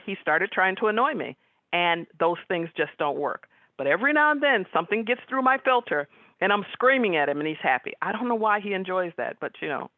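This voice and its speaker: A middle-aged woman giving a webinar talk as guest speaker, telling personal stories in a conversational, animated way. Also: fairly low pitch, no echo. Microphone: video call. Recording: tinny phone-like webinar audio.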